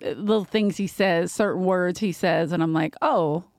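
A woman's voice: fairly low pitch, moderate pace, no echo. Philly woman hosting a podcast, chatty and laughing, dry mic. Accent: Philadelphia. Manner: laughing, animated storytelling. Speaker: podcast host. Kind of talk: casual chat.

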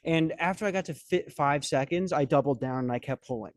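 A man's voice: on the high side, a little fast, no room sound. A young man hosting a podcast, telling a comic story in a rambling, profane, self-mocking way. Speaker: podcast host. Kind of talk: comedic storytelling chat.

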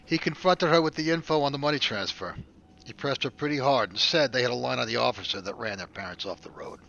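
An actor playing a confident lieutenant who briefs his team and runs an interrogation in a brisk, commanding way. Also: medium pitch, gravelly, a bit bright, highs cut off. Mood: briefing. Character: confident male defense force lieutenant.

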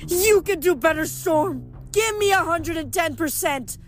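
Shrieking goddess of victory, put on by an audiobook reader: pushy, coach-like, very high and loud. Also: lively intonation, a little slow, faint music behind. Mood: yelling. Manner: shouting orders like a coach. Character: shrill female goddess of victory, pushy, demanding.

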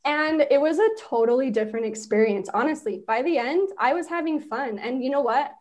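A woman's voice: sits high, fairly quick, darkish tone. A woman from Utah, a podcast guest, telling personal stories in casual conversation and laughing often as she talks.

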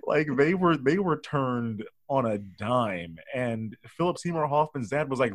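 A man's voice: medium pitch, lively intonation, a little slow, no room sound, studio quality. A man co-hosting a casual movie review podcast, joking and acting out lines from the film in mock voices. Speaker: podcast co-host.

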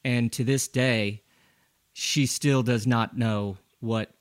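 A man's voice: mid-range voice, fairly even intonation, slow, clean tone, dry recording. Brief: male interview guest with a mid-range voice, an anecdotal storyteller, recorded dry and close. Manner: easygoing anecdotal storyteller who acts out quoted lines. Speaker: guest, former pro cyclist.

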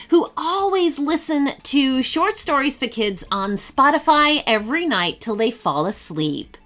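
A woman hosting a children's story podcast who reads slowly, in a bright, lilting voice. Her pitch sits a little high and rises and falls widely, over soft music.

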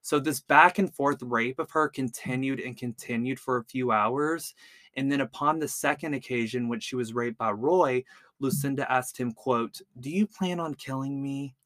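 A man's voice: medium pitch, steady tone, moderate pace, fairly bright tone, dry recording. Chatty man telling a true-crime story. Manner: chatty, stumbles over words, lots of "like". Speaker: podcast host.

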